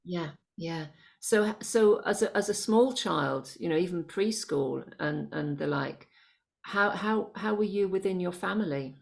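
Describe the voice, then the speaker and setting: Low, gravelly woman host. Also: measured pace. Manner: relaxed, agreeable, prone to laughter. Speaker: podcast host. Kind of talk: casual interview.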